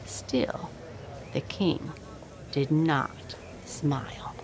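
A woman reading a storybook aloud in an expressive storytelling manner. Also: low-pitched, drawn-out words, noisy background.

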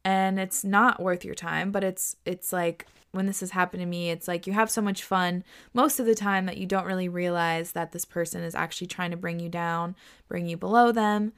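A woman's voice: lowish voice, steady tone, moderate pace, clear, resonant tone. A young woman in her twenties hosting a podcast, giving casual, candid advice in a chatty way, full of "like" and the odd swear word. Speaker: podcast host.

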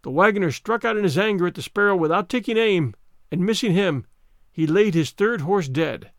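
Storyteller, male, measured expressive delivery, dry close sound. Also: high voice, no echo. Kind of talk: fairy tale reading.

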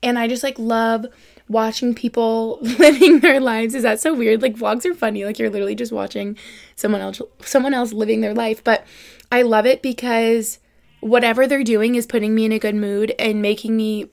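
A woman's voice: on the high side, fairly even intonation, normal speed, vocal fry. A young adult woman hosting her own podcast, talking in a rambling, upbeat way full of fillers. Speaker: podcast host. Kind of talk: casual solo podcast chat.

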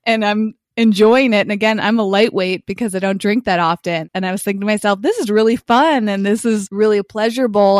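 A woman's voice: medium pitch, dry recording, clean studio sound. A woman co-hosting a podcast in casual chat, talking freely and laughing often. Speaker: podcast co-host.

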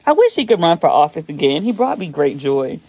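A woman hosting a casual chat show, talking in an animated way, swearing freely and jumping high in pitch when excited, recorded on her phone. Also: fairly quick, husky, dry recording. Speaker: podcast host.

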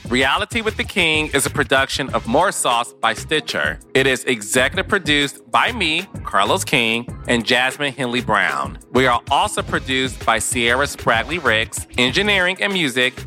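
A man hosting a reality TV podcast, talking in a campy, sassy, animated way. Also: medium pitch, normal speed, hardly any pauses, soft background music. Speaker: podcast host. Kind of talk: casual reality TV podcast chat.

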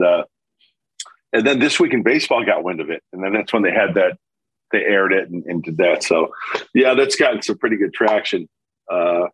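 Husky-voiced older man telling stories. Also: fairly low pitch, dry recording, poor audio. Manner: animated storyteller acting out quotes, laughs often. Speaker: baseball broadcaster and former pitcher. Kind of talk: casual storytelling interview.

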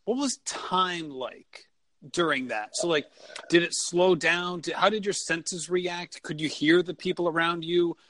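A male podcast host asks curious, rapid-fire questions, stacking one on top of the next. His voice sits a little high for a man. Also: fairly bright tone. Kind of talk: interview questions.

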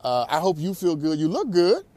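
Lively preacherly male talk host. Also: on the high side, moderate pace. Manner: animated, preacherly, laughs at own jokes. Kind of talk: talk show monologue.

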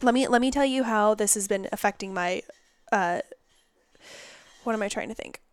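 Young female podcast host with a stuffy head cold, rambling and self-mocking, clean, smooth voice. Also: mid-range voice, moderate pace, no echo. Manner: rambling, self-mocking, loses her train of thought. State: congested from a cold. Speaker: podcast host and holistic nutritionist. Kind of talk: casual solo podcast chat. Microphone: podcast microphone.

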